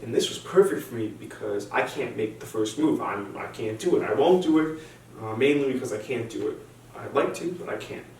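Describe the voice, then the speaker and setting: A man's voice: mid-range voice, expressive, brisk, darkish tone. A young man tells a stand-up story, stumbling into nervous repetitions and restarts as he builds the bit. His voice sits in a roomy, echoing space, picked up from some distance with faint noise underneath. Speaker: stand-up comedian. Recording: echoey room, distant mic, faint noise.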